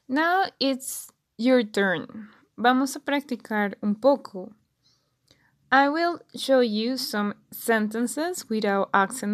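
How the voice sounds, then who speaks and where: A woman teaching a beginner language lesson, patiently repeating words slowly and clearly for learners. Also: a little high. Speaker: Spanish teacher.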